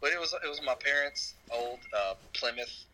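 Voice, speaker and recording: Halting guest with a bright edge. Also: male voice, medium pitch, expressive, slight background noise, poor audio. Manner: halting, full of fillers and restarts. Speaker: podcast guest. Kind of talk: casual podcast chat.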